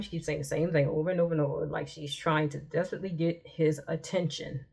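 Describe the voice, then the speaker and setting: A woman's voice: low voice, fairly even intonation, fairly quick, gravelly, hardly any pauses, a little mellow, slightly rough. A woman vlogger giving casual commentary with chatty, exasperated asides as she reads text messages aloud.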